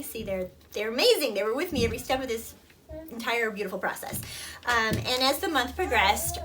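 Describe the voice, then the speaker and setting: A woman's voice: medium pitch, a bit bright. A woman and mother giving a heartfelt review to camera, earnest and emotional, rambling with fillers. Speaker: product reviewer, mother of toddler twins. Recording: distant mic with clear background noise.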